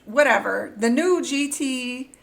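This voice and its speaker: A young woman streaming live, with a higher-pitched voice that has a gravelly fry running through it. She talks in an unhurried way, bursts into gasps and squeals, and then drops to muttering to herself. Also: expressive. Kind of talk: excited live-stream chat.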